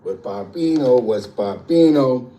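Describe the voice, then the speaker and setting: A man hosting a stream, repeating hype lines and giving shoutouts like a mixtape DJ. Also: medium pitch, lively intonation, unhurried. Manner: repetitive hype, lots of shoutouts. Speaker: host.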